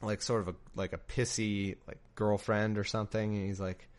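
A man's voice: on the low side, flat delivery, normal speed. A young man reading scripture aloud and breaking off into sarcastic, incredulous, rambling commentary.

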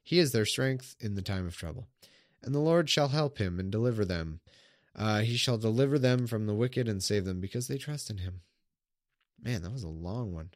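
Low-voiced man making sarcastic asides. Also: lively intonation, normal speed, dry recording, clean studio sound. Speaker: Bible reader. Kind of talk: casual reading aloud with commentary.

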